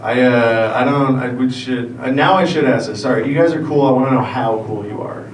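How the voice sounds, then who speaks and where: A man's voice: mid-range voice, brisk, background noise. A man in his thirties doing a loose, rambling stand-up set and bantering with the crowd. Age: 30s. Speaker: stand-up comedian. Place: theater stage. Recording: roomy live theater sound from a distance. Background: audience ambience.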